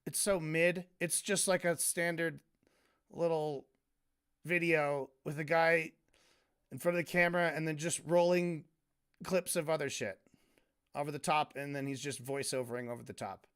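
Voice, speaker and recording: A man with a high voice rants on stream about a video he is reviewing. He sounds exasperated and sarcastic, and he swears freely. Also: steady tone, normal speed, fairly bright tone, clear, resonant tone. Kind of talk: casual commentary rant.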